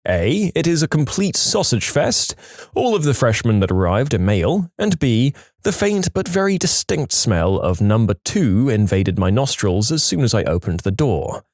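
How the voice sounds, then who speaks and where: A man reading reddit stories aloud, telling them in a lively way and putting on voices for the quoted people. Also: mid-range voice, moderate pace, dry recording, studio quality. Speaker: story narrator.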